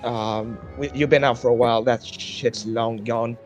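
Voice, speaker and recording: A man's voice: mid-range voice, steady tone, measured pace, faint music behind. A man chatting casually as a player in a tabletop role-playing game. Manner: easygoing, laughing often.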